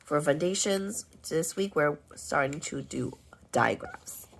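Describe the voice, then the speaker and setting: A woman teaching first graders, going over their homework and spelling out sight words slowly and clearly. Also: low voice, expressive, a little hiss or hum. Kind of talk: homework walkthrough lesson.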